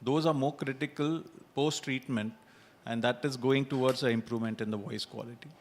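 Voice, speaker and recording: Male surgeon on a panel, steady measured delivery, mid pitch. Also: a little hiss or hum. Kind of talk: panel discussion.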